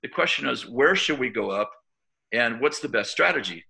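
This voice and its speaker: A middle-aged man preaching to his church in a loose, storytelling way, full of restarts and fillers. His voice has a gravelly edge with a bright, forceful tone. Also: medium pitch, animated, normal speed. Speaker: church leader. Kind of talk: informal preaching to a church group.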